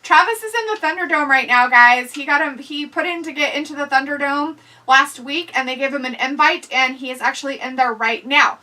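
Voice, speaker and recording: A woman's voice: high voice, brisk, few pauses, bright, forceful tone, far from the mic, low-quality recording. A woman hosting a casual live watch-along, chatting, laughing and reading viewer comments aloud. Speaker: livestream host reading chat.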